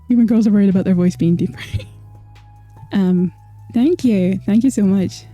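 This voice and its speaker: A woman's voice: medium pitch, moderate pace, warm tone, dry recording, highs cut off, soft background music. A young Scottish woman streaming, chatting casually with viewers and laughing often. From Scotland. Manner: chatty, laughing, filler-heavy.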